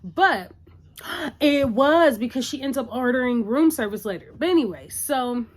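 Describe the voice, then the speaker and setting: A woman casually recapping a TV episode in a chatty, animated way, acting out what the characters say. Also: high voice, normal speed. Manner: chatty, animated retelling with acted-out quotes. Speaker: TV recap vlogger.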